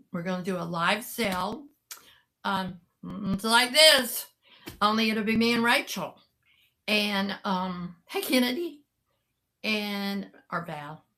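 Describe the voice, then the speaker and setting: A woman's voice: medium pitch, sharp tone. A middle-aged woman, chatting casually and rambling to live viewers, greeting them by name. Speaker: live-sale seller and vlogger.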